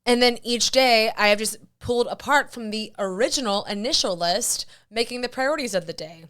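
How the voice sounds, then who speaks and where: A woman's voice: fairly high pitch, a little fast, fairly bright tone. A young woman hosting a solo podcast, rambling candidly and casually, with the odd swear word. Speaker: podcast host.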